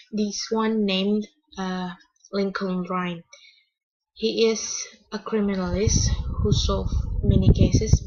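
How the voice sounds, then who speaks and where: A woman giving a casual spoken book review, halting and searching for words with many restarts, on a dull lo-fi recording. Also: medium pitch, husky.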